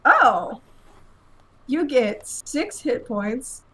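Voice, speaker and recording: A woman's voice: sits high, very animated, drawn-out words, fairly bright tone, poor audio. Casting: woman player, chatty, thinking aloud, faint noise behind. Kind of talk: casual tabletop play.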